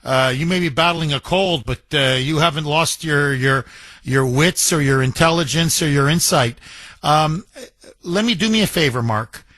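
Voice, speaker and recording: A male talk radio host with a high, bright voice, speaking into a studio mic. His delivery is combative and insistent, firing off insults and repeated points. The sound is close and dry. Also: moderate pace, no room sound. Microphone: studio microphone.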